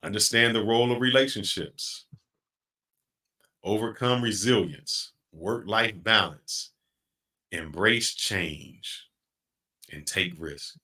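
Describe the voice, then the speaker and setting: Earnest, deep-voiced middle-aged man. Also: pushed and bright. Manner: reflective, earnest, slows down to stress points. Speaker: podcast host. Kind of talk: casual podcast chat.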